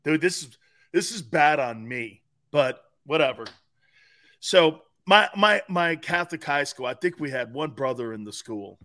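A middle-aged sports radio co-host with a voice on the high side tells stories in an unhurried, loose and profane way, often breaking into laughter. It's a casual storytelling chat, animated as he retells events.

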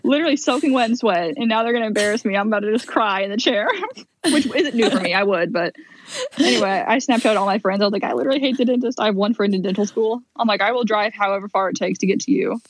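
A woman's voice: mid-range voice, quick pace. A woman in her twenties, a podcast guest, telling a rambling, self-deprecating story in casual chat and acting out her own past remarks. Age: 20s. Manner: animated, rambling, self-deprecating, quotes herself.

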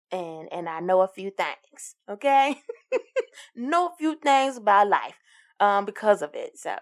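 A woman, hosting a casual solo podcast in an upbeat, encouraging, giggly way. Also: medium pitch. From Alabama, US. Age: 20s. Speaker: podcast host.

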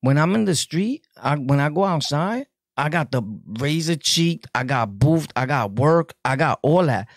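A man's voice: on the high side, animated, moderate pace, dry recording, studio quality. A man with a New York accent telling prison stories in a casual, joking way, laughing often and using heavy street slang. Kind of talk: casual storytelling to camera.

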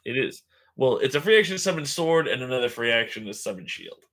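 Gravelly man describing his game character. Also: mid-range voice, big pitch swings, fast, fairly bright tone. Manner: descriptive, hesitant with many fillers. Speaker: player. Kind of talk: tabletop game play over voice chat.

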